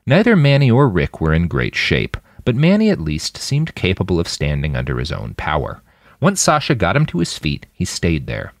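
A male audiobook narrator with a somewhat low voice, telling a violent thriller in expressive, dramatic narration. His pitch rises and falls widely, and the recording is close and dry. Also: normal speed, no room sound. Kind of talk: scripted narration.

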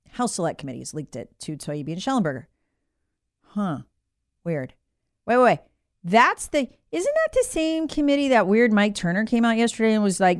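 A woman's voice: medium pitch, dry recording, clean studio sound. A woman hosting a political commentary show, talking in a sarcastic, opinionated way. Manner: sarcastic, mocks figures in put-on voices.

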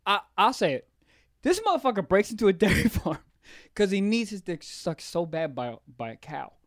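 Excitable high-voiced man, loud and laughing. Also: moderate pace, no room sound, studio quality. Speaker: podcast co-host. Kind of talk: crude comedic banter.

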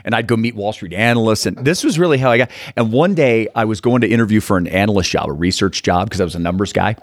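A man in his fifties from Utah, telling animated stories as a guest in an interview and acting out the people in them. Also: on the low side, fast, dry recording, studio quality. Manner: animated, acts out quotes in the story. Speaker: guest, fund manager. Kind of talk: storytelling interview.

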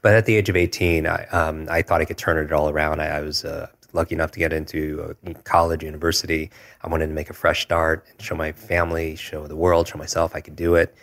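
This man in his forties has an extremely low voice and speaks in a flat, even tone, a little fast. As a guest, he tells a personal story earnestly and reflectively, often hesitating and using filler words. His delivery stays steady rather than lively.

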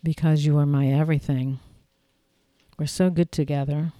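A woman's voice: low-pitched, level tone, normal speed, warm tone, no echo, lightly acted. Woman doing a teasing charming young man. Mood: playful. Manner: mock-archaic playful talk.

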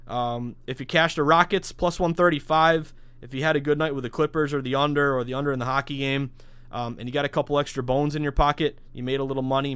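A man in his thirties hosting a sports betting podcast alone, talking in a hyped, salesy rush with sudden loud bursts. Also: mid-range voice, clear, resonant tone, no room sound. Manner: hyped, salesy, rapid-fire with bursts of shouting. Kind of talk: solo podcast monologue.

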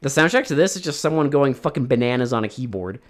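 A man's voice: mid-range voice, animated, quick pace. Profane rambling man recapping a movie. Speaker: podcast co-host. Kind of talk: casual movie review chat.

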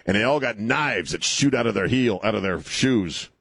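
A man's voice: fairly low pitch, expressive, moderate pace, creaky, a bit bright, husky, no room sound, clean studio sound. A man hosting a talk radio show, rambling and sarcastic, laughing at his own jokes. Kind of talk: casual talk radio banter.

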